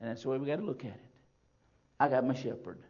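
A man preaching a sermon, slow and emphatic, swinging from loud declarations to quiet reflection. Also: mid-range voice, gravelly, highs cut off. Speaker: pastor.

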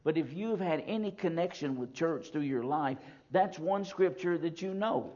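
A man's voice: on the high side, expressive, a little mellow. Emphatic preacher man, lo-fi sound. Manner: emphatic, repetitive preaching with slow stresses. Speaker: pastor. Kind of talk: sermon. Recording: dull lo-fi sound.

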